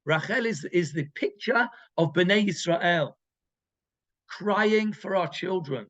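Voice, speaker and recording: A man in the role of a rabbi leads an informal class on a text, reading each verse aloud and then translating it. His voice sits a little high, and he presses his points by repeating key phrases. The recording is dull and lo-fi. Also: animated, slow pace, a bit bright. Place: community room with a group.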